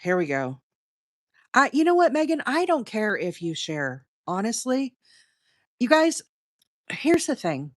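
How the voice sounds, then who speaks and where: A woman's voice: fairly high pitch, big pitch swings, unhurried, long pauses, no room sound, clean studio sound. A middle-aged woman with a Southern US accent, hosting a crochet livestream in a chatty, rambling way and talking straight to her chat. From Alabama, US. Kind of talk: casual live-stream chat while crocheting.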